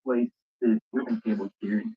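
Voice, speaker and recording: A man's voice: lowish voice, fairly even intonation, brisk, a crowd in the background. A man walking through a console repair in a casual, step-by-step way, muttering to himself as he works. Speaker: repair streamer. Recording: dull lo-fi stream audio.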